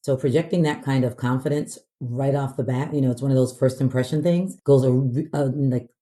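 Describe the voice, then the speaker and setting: A woman from the American South, a podcast guest, talking casually and confidently, clear speech with frequent fillers. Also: rumbling low, fairly even intonation, fairly quick, warm tone. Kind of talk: casual interview talk.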